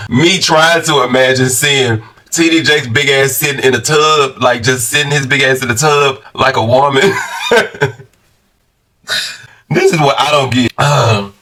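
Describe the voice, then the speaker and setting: A man's voice: mid-range voice, sharp tone, distant mic. A man hosting a casual reaction commentary, joking and gossiping with slang. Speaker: commentary channel host.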